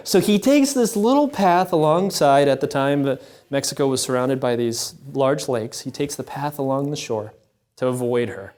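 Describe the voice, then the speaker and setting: A man's voice: medium pitch, moderate pace. Man telling a sacred story, conversational. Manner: conversational, animated, asks "right?" often. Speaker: speaker at a Catholic event. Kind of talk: storytelling talk.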